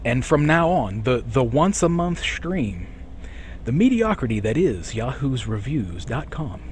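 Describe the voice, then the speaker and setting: Man, live streamer, sore scratchy throat, rambling chat, mid pitch, faint hiss behind. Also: very animated, a little slow. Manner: rambling, self-correcting, reads chat aloud. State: sore throat, clearing it often.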